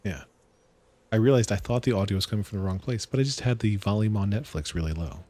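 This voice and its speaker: A man joining a casual movie commentary as a guest, making deadpan puns on a close mic. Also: fairly low pitch, fast, no room sound. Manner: deadpan punning jokes.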